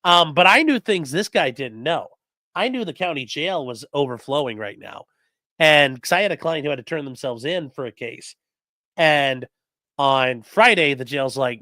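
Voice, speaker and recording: A man's voice: fairly high pitch, a little fast, dry recording, studio quality. A man who works as a defense attorney, telling courtroom stories in a casual, profane way and acting out the people he quotes. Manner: profane, animated storytelling with acted-out quotes. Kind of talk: casual livestream chat.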